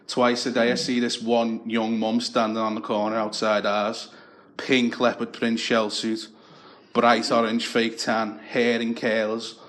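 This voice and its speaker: Slow, dry stand-up comic. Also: male voice, medium pitch, completely flat delivery, a bit bright. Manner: dry, crude anecdotal storytelling. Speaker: stand-up comedian. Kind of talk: stand-up comedy.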